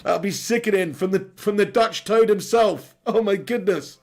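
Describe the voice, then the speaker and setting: A high-pitched male voice at a moderate pace belongs to a streamer with a sore throat running a live football watch-along. He reads out chat messages from viewers and jokes back at them, laughing frequently.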